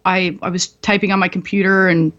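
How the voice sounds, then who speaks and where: The audio is dull, but her voice comes through lowish, level and a bit bright, moving a little fast. She's a military veteran guesting on a podcast, sharing stories casually, candidly and profanely while laughing often.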